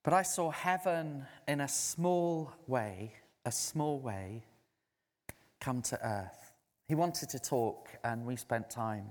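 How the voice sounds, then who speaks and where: A man preaching a sermon, telling a story and acting out others' words in a raised voice. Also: mid-range voice. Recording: long hall reverb.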